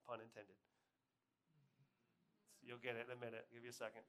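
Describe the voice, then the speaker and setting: A man preaching a sermon, telling a story with lively shifts between loud acted-out lines and quiet appeals. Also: medium pitch, fairly quick, long pauses, slight background noise. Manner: animated storytelling, acting out voices, swings from loud to hushed. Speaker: pastor.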